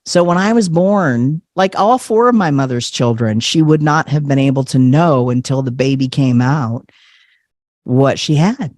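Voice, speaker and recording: Male podcast guest, animated storyteller who acts out voices, dry close sound. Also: mid-range voice, measured pace, dry recording. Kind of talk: personal storytelling in casual chat.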